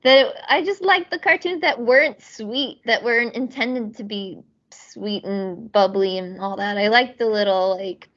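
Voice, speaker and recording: A woman's voice: mid-range voice, unhurried, fairly bright tone. A woman guest chatting casually on a podcast, rambling with lots of fillers and frequent laughs. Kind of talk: casual chat. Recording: dull lo-fi audio.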